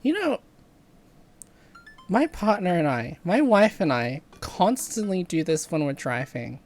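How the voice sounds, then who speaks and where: A woman game streamer chatting casually while she plays, animated, laughing often and swearing freely. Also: fairly low pitch, a little slow, soft background music. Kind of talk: casual chat while playing.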